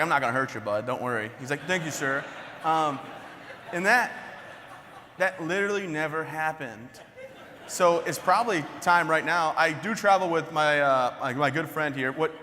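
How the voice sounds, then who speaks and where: A young man's voice, on the high side, pushed and bright, fills a large hall as he gives a funny keynote speech. He jokes at his own expense, tells stories and laughs at his lines; there's hall reverb on the recording and slight background noise.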